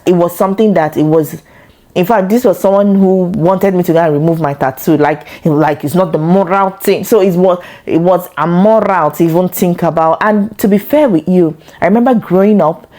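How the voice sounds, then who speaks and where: A woman, telling her own story in a reflective, expressive way that leaps up in pitch when she gets excited. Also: normal speed. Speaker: mother sharing her story. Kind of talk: reflective personal talk.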